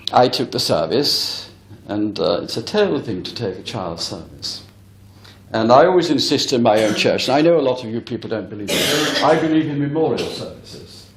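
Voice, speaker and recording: A man giving a spiritualist lecture as a medium, telling a story earnestly and emphatically to a live audience. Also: medium pitch. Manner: earnest, emphatic, often addresses the audience directly. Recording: echoey hall recording.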